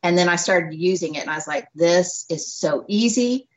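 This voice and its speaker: A woman doctor tells her story as an interview guest, animated and quick to laugh, acting out each exchange. Her voice sits a little low. The recording is dull and lo-fi. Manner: animated storyteller who acts out dialogue and laughs often. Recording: dull lo-fi audio.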